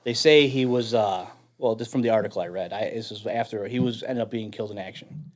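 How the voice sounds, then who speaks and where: Animated Chicago man telling a story. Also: lowish voice, a little fast. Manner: animated storyteller, laughs often, swears casually. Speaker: guest firefighter and veteran. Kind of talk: casual storytelling.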